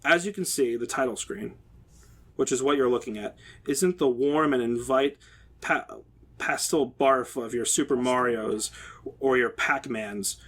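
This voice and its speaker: A man's voice: medium pitch, measured pace, fairly bright tone. A man reading a story aloud as an irritated male game executive who lectures parents in a condescending, sarcastic way, with a slightly shaky voice. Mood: exasperated, condescending.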